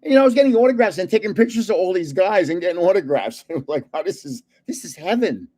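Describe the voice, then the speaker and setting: An older man chats about his past in a loose, rambling way, chuckling between stories. His voice sits a little high for a man. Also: expressive, fast, darkish tone. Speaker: card channel host. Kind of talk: casual storytelling chat.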